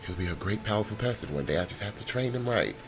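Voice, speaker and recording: A man narrating a life-sim game in a relaxed, chatty way, with filler ums. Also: on the low side, fast talker, background noise. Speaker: game streamer. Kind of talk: let's-play narration.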